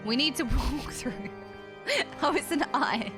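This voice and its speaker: Speaking a little slowly in a high voice, a young woman streams a game and chats with her viewers. She's bubbly, giggles a lot and reacts to chat, with background music behind her.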